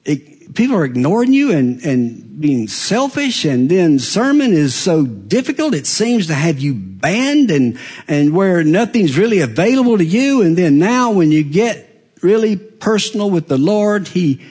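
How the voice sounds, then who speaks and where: A man preaching a sermon, swinging dramatically between hushed, quiet passages and loud, raised ones. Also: high voice, sing-song, unhurried, slightly rough.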